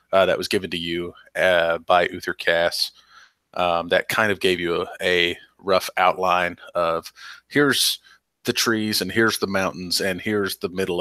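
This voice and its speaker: A man's voice: low voice, bright, forceful tone, no room sound. A man narrating a tabletop game as game master, loose and rambling with lots of ums.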